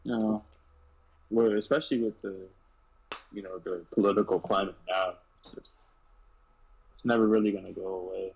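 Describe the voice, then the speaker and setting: A man's voice: low-pitched, steady tone, moderate pace, creaky, long pauses, a little mellow, slightly rough, low-quality recording. A man in a casual group chat, joking and stammering as he starts his points. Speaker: podcast guest.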